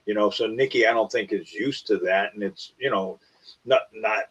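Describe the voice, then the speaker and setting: A retired wrestler talking shop in a casual, rambling way, full of fillers and restarts. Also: male voice, fairly low pitch, moderate pace, fairly bright tone, breathy edge, recorded from a distance, dull audio.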